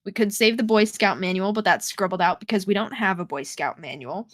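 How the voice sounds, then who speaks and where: A woman's voice: mid-range voice, fairly quick, no room sound, studio quality. A woman live-streaming a game, chatting with her viewers in a playful, dramatic way and reading the game's text aloud. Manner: playful, dramatic, talks to chat.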